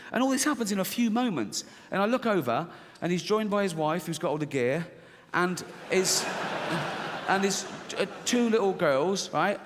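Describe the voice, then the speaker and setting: A man doing a stand-up comedy routine, telling the story in an animated, sweary, self-mocking way. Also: high-pitched, in a large hall.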